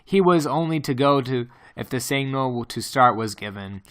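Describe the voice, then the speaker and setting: A man's voice: medium pitch, lively intonation, normal speed, fairly bright tone, clear, resonant tone. A man reading a novel aloud as an amateur audiobook, stumbling often and correcting himself. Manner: reads with frequent stumbles and self-corrections.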